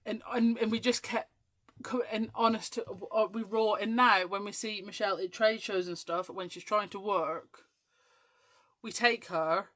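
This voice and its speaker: The voice is medium-pitched, steady and a bit bright, at a measured pace. It belongs to a woman in her forties from Scotland's west coast who hosts a crafting show, her English accent holding a faint Scottish twang. She chats as she crafts, rambling and saying um a lot.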